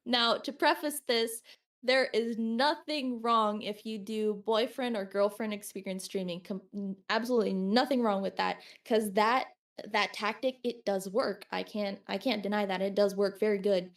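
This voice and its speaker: A woman's voice: medium pitch, moderate pace. A woman streamer chatting casually, telling stories with lots of giggles. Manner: giggly, animated storytelling.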